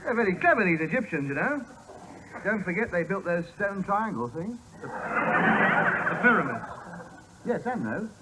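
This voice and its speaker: A man's voice: sits high, sing-song, normal speed, long pauses. A British man in a 1950s radio comedy, talking in a pompous, blustering, self-important way. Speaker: comedy lead. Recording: hissy old radio recording.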